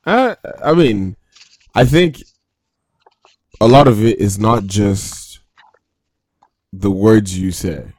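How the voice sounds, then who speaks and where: A man co-hosting a casual chat, talking in a measured, reflective way. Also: lowish voice, lively intonation, a little mellow, dry recording.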